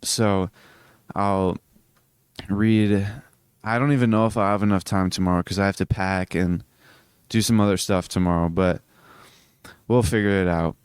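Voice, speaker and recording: Sleepy, rambling young man, low smooth voice. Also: fairly even intonation, moderate pace, pauses often, dry recording. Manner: rambling, with many fillers and restarts. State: sleepy, yawning. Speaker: podcast host. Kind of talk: casual solo podcast monologue.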